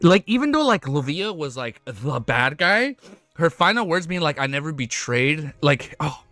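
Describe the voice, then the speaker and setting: A young man chats live on stream with a bright, animated voice that swings widely in pitch. He gets excitable, swears freely, stumbles over his words and laughs often. The mic is close and dry, with faint music underneath. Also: normal speed, no room sound. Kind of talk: casual livestream chat.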